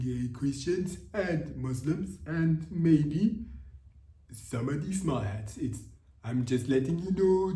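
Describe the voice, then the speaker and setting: A man's voice: medium pitch, warm tone, lightly acted. A man voicing a defensive male Nigerian government spokesman with a put-on Nigerian accent, evasive and rambling, saying "eh, eh.". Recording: roomy, distant from mic.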